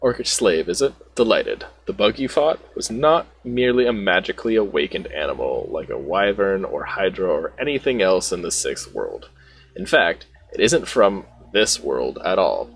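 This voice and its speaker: A man's voice: deep voice, big pitch swings, moderate pace, breathy edge, heavily acted. A man voicing a witty, knowing elf in a game, explaining in his own plain voice. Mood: wry. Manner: reads game dialogue aloud without doing a voice.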